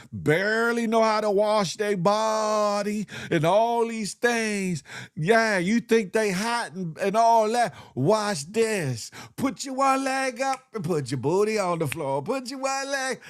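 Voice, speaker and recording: A man voicing a brassy, bragging older woman who talks loud and sassy with drawn-out phrasing. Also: high voice, steady tone, clear, resonant tone. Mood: scolding.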